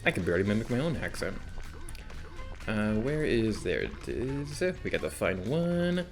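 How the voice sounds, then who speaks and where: A young man hosts a let's play, rambling casually and chatting self-deprecatingly about the game while he plays, with the occasional sudden loud outburst. His voice sits on the low side, swings widely in pitch, and moves at a moderate pace over soft background music.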